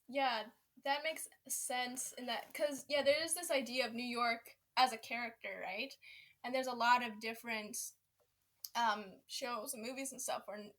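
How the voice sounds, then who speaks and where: A woman's voice: a little high, a bit bright. A woman from Canada co-hosting a casual podcast chat, filling her speech with "like" and trailing asides. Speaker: podcast co-host.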